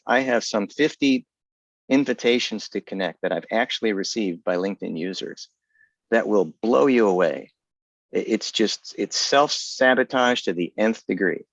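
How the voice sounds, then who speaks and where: A man's voice: fairly low pitch, normal speed, dry recording, lo-fi sound. A man giving an earnest, articulate talk over a video call, often restarting his sentences. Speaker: guest speaker. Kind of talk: casual virtual talk.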